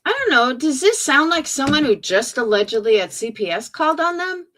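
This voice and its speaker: A woman's voice: sits high, big pitch swings, a little fast, fairly bright tone, slight background noise. A woman streamer giving sarcastic, mocking commentary on clips.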